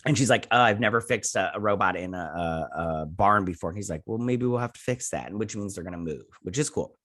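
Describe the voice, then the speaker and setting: A man's voice: sits low, brisk. Rambling man recapping a TV episode. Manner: rambling, full of fillers and "he's like" retellings; voices characters' lines in a flat retelling tone. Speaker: host reviewing a TV episode. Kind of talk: casual recap and review.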